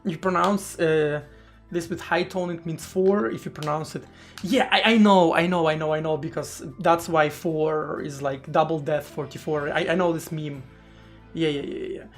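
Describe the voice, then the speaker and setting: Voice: mid-range voice, steady tone, normal speed. A streamer chatting casually during a live coding session, rambling with stammered restarts and casual swearing, faint music behind.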